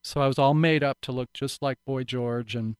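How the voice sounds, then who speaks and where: A man's voice: medium pitch, fairly even intonation, moderate pace, clear, resonant tone, dry recording. A middle-aged man who is an actor, telling his life story candidly in an interview, reflective and earnest with frequent restarts.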